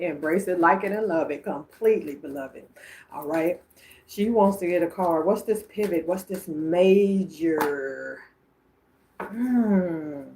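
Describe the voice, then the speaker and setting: A woman's voice: fairly low pitch, a little mellow, a little hiss or hum. A woman reading messages for viewers on a livestream, chatting and calling them by name. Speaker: psychic medium on a livestream.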